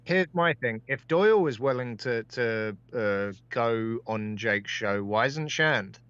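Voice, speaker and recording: A man co-hosting a podcast, talking haltingly and circling back over his points. His voice comes through dull and lo-fi. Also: mid-range voice, expressive, a bit bright, smooth, dry recording. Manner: halting, repeats phrases, restarts. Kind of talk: casual chat.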